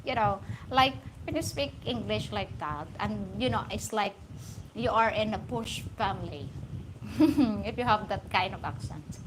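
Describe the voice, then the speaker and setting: A woman with a Filipino accent, chatting as an interview guest. She talks slowly and laughs often, and her pitch swings high and low. Steady background noise runs under the recording. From Philippines. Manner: giggly, animated, laughs often. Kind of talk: casual chat.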